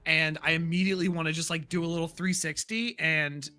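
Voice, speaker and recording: Bright-voiced man planning fast. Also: fairly high pitch, faint music behind. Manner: quick, energetic planning, rattles off ideas. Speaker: player. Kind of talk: casual tabletop play.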